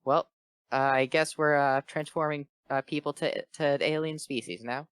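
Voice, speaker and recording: A man reading a fanfiction aloud for a comedy show, slipping in quick character voices and breaking off to joke. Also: on the high side, steady tone, fairly bright tone, smooth, no room sound. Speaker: fanfiction reader. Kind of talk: comedic dramatic reading with commentary.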